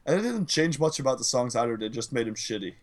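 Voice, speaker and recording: A man's voice: medium pitch, lively intonation, fast. A man co-hosting a casual podcast chat, ranting in a rambling, profane way. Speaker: podcast co-host.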